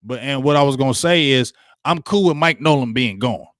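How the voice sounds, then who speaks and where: A man's voice: fairly quick, dry recording, clean studio sound. A man hosting his own football talk show, speaking casually in slang and repeating himself as he gets worked up. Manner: animated, slangy, repeats himself, rises in pitch when fired up. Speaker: sports talk show host. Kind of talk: casual solo sports commentary.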